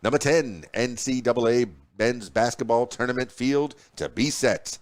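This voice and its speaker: A man's voice: mid-range voice, moderate pace. A man hosting a podcast, reading news headlines and history facts aloud with small slips and restarts. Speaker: podcast host.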